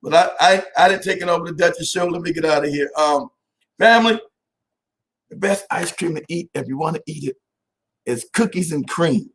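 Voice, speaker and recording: A man hosting a casual live stream, talking to viewers by name, animated and often laughing. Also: on the high side, normal speed, a little hiss or hum.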